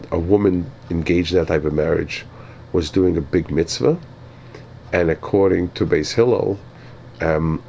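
A man teaching a Torah lecture as a rabbi, speaking in a halting way with many repeated words and pauses. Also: low voice, darkish tone, slight background noise, low-quality recording.

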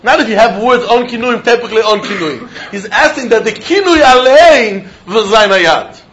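High-voiced man giving a Talmud class. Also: animated, moderate pace, a bit bright, slight background noise. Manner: Yiddish-laced English, chanting question-and-answer. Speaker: Talmud teacher. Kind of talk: Talmud lecture.

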